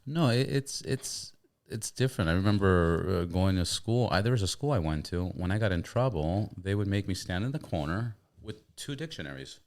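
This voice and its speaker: A man's voice: low voice, lively intonation, normal speed, a little mellow. A middle-aged man hosting a casual conversation, telling stories animatedly and repeating words as he starts his sentences.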